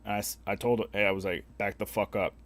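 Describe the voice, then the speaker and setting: Profane young male streamer, low voice. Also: fast. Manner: blunt, heavily profane, animated retelling with voiced quotes. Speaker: live streamer. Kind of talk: casual storytelling while gaming.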